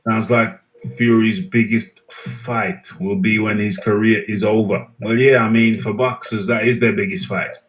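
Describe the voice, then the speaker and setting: A man's voice: lowish voice, rough recording. A man hosting a live boxing chat show, musing casually and reading out viewer comments. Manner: relaxed, musing, reads viewer comments aloud.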